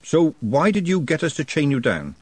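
A man with a husky voice voicing a sharp-tongued young woman who talks in a dry, exasperated way. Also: on the high side, very animated, normal speed, no room sound, voice pushed up.

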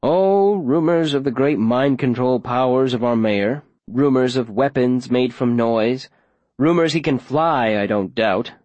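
A man's voice: medium pitch, a little slow, a little mellow, no echo, lo-fi sound, lightly acted. A man voicing a weary, sardonic middle-aged ex-mayor with a wry, mocking edge, in an audiobook reading. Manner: wry and mocking, a bit raised. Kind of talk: audiobook character voice.

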